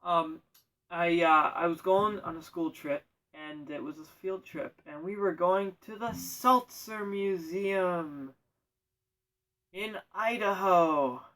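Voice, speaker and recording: Rambling deadpan man, away from the mic. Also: high-pitched, takes it slowly, far from the mic, rough recording. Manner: deadpan, self-correcting, absurd asides. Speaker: storyteller. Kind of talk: rambling comic monologue.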